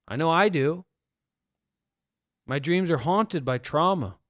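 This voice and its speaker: A man's voice: fairly high pitch, expressive, takes it slowly, fairly bright tone, no room sound. A man who teaches spirituality, talking bluntly and profanely to viewers on a livestream. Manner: blunt and profane, acting out quoted voices.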